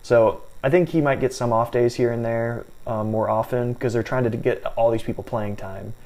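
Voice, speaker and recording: A man in casual sports talk, reeling off numbers and player takes in a measured, hedging way. He restarts his sentences often and keeps an easygoing, conversational flow at a middling pitch. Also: fairly even intonation, a little mellow. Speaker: fantasy baseball podcast co-host. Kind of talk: casual analytical sports chat.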